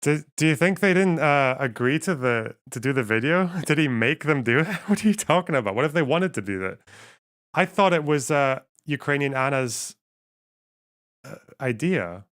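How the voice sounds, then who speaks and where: A man's voice: on the high side, expressive, moderate pace, fairly bright tone. A man streaming live, reacting to a clip with frequent laughter, reading out chat messages and passages from a text. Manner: laughs often, reads chat and academic text aloud. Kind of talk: casual live-stream commentary.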